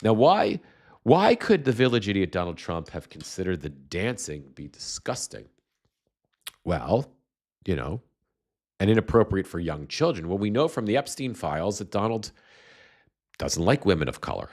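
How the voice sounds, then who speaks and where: A man with a very low voice hosts a casual live political commentary stream. He is sarcastic and rambling, often restarting his sentences. He is getting over a cold and still has a slight cough. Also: very animated, normal speed, long pauses, darkish tone. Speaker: livestream host.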